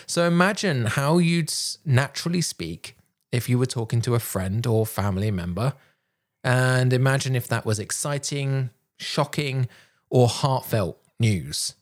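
A man teaching public speaking, shifting his pitch to demonstrate the points he makes. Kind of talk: instructional talk.

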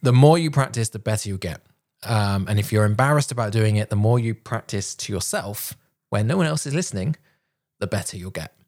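A man teaching public speaking, shifting his pitch to demonstrate the points he makes. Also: animated, a little fast, darkish tone. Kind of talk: instructional talk.

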